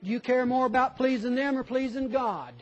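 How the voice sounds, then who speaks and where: High-voiced man preaching a sermon. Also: brisk, dull audio. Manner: questioning, quotes imagined listeners in shifting voices.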